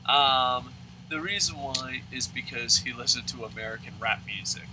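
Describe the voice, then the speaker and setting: A man's voice: mid-range voice, normal speed. A young man casually telling a long, profane, rambling story while commentating his gameplay. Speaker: let's play commentator. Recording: steady background noise.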